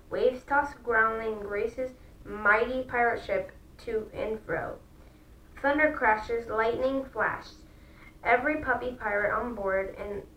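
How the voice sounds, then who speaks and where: A woman reading a children's book aloud, slow and careful with small restarts. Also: a little high, highs cut off. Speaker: storybook reader. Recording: echoey room, far from the mic, faint background noise.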